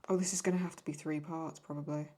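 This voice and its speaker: A woman's voice: low-pitched, steady tone, fast, dark tone, slight background noise. A woman chatting casually as a video host, rambling through viewer questions and often stopping to apologize or paraphrase. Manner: rambling, paraphrasing lines, apologizes for getting stuck. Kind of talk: casual chat.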